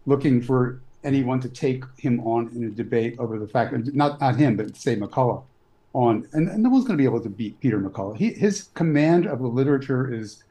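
A man in his sixties from New York, a physician guest giving measured, blunt opinions in an interview. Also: mid-range voice, expressive, dark tone, low-quality recording. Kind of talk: interview answers.

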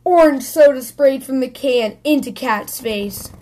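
High-voiced woman reading a kids' story. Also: a little slow, mellow. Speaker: children's story podcast host. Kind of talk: reading a picture book aloud.

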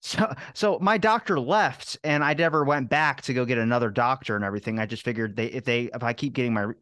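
A man guesting on a podcast, telling rambling personal anecdotes in casual chat with quick restarts and the odd curse. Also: medium pitch, a bit bright, no echo, studio quality.

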